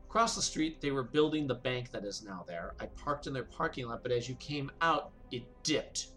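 A man co-hosts a casual podcast and tells a story with plenty of life in his voice. His pitch swings widely and now and then jumps into loud, high bursts. Faint music plays behind him. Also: expressive, normal speed. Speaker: podcast co-host.

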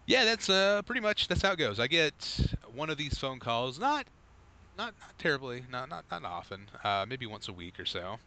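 Animated, bright-voiced podcast man. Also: moderate pace. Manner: animated, jumps into high mock voices. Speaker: podcast co-host. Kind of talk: casual chat.

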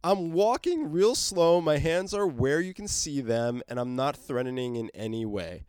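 A man's voice: on the high side, animated, moderate pace, a little mellow, smooth, no echo, clean studio sound, natural voice. A man voicing a smug, mock-friendly male villain from a comic book, in a cocky, drawling way.

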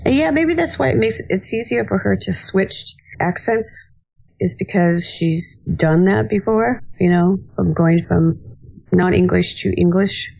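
A woman's voice: mid-range voice, lively intonation, a little slow, creaky, a little mellow, rough recording. A woman in a casual discussion, rambling and hedging with lots of fillers. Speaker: podcast panelist.

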